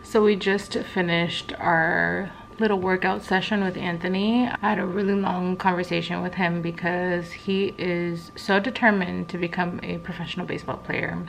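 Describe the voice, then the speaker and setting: Casual chatty mom vlogging at home, bit of vocal fry, faint hiss behind. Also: female voice, lowish voice, level tone, normal speed, few pauses. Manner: chatty, filler-heavy, talks straight to camera. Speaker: beauty vlogger. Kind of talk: casual vlog chat.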